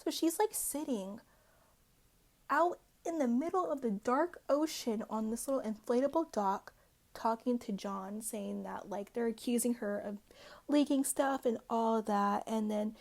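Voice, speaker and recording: A woman recapping a reality show in loose, casual chat, her speech full of "like" and "um". Her voice sits a little high and often drops into a gravelly vocal fry. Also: measured pace, darkish tone. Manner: chatty, peppered with "like" and "um".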